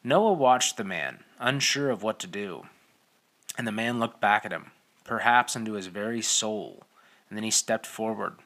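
A male audiobook narrator telling the story in a steady, measured way. His voice sits on the low side but rings bright and forceful. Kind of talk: scripted narration.

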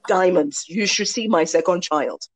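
A woman's voice: lowish voice, normal speed, a loud crowd. A woman in her forties from Nigeria, telling her faith testimony as a guest and acting out the voices of the people in it. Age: 40s. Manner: animated storyteller, acts out quoted voices.

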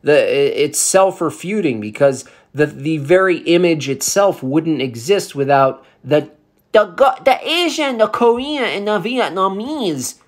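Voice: mid-range voice, lively intonation, a little slow. A vlog commentator ranting about photographs in a heated, sarcastic way, with many fillers.

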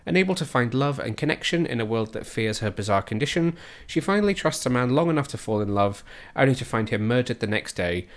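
Male podcast host, mid-pitched, casual and joking while rattling off film news. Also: lively intonation, quick pace, few pauses.

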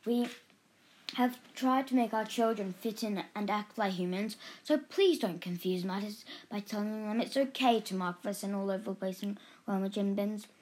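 Calm, peacekeeping mum hyena in a storybook, read by a woman. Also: mid-range voice, close to an everyday voice. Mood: soothing. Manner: soothing, measured storybook reading. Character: gentle peacekeeping mother hyena.

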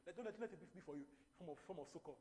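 A man preaching a sermon, emphatic and repetitive, rising into loud animated bursts. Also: on the high side, racing, background noise.

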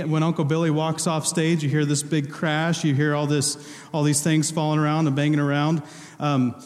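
Male pastor kidding around with the congregation, kinda high voice, long church-hall reverb. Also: darkish tone. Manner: playful, joking with the congregation. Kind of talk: casual talk from the pulpit, movie-quote quiz.

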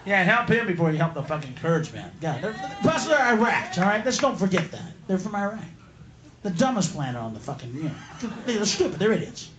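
A man's voice: sits high, big pitch swings, brisk, lo-fi sound, noisy background. A man performing a profane, mocking stand-up comedy routine, laughing mid-line, at a live comedy venue. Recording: echoey live room with loud crowd.

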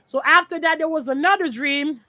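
A woman's voice: high-pitched, fairly quick, pushed and bright, no echo. A woman guesting on a podcast over a remote call, talking bluntly with profanity and repeating her points. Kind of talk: casual podcast chat.

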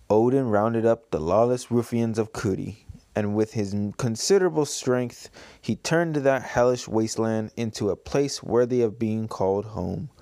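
A man's voice: lowish voice, a little slow, dark tone, dry recording, studio quality. A man casually reading through a comic and describing its pages, with loose, filler-laden talk. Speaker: comic reader, video host.

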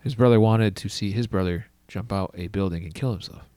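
A man co-hosting a podcast, firing off quick skeptical questions and jokes in casual chat. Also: on the low side, dark tone, dry recording. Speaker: podcast co-host.

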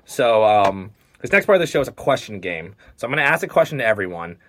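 A man's voice: lowish voice, sing-song, fast talker, fairly bright tone, dry recording. A young man hosting a college radio show, telling rambling stories full of fillers in a casual chat from a studio mic. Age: young adult. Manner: rambling, filler-heavy storytelling.

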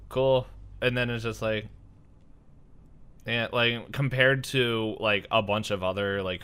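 A man's voice: sits low, sharp tone, smooth. A young man hosting a casual podcast chat, rambling with lots of fillers and frequent laughs. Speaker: podcast host.

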